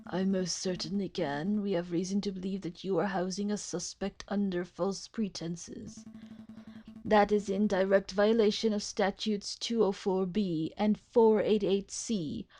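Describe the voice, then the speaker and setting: A woman's voice: mid-range voice, steady tone, unhurried, dark tone, soft background music, lightly acted. A woman voicing a stern male falcon defense attorney who speaks in a formal, commanding way.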